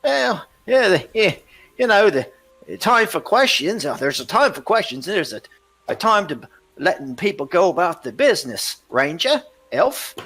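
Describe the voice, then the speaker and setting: A man voicing a rough, scheming male river smuggler leader with a cocky, wheedling manner. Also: high-pitched, big pitch swings, normal speed, a bit bright, voice pushed up, heavily acted. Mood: evasive.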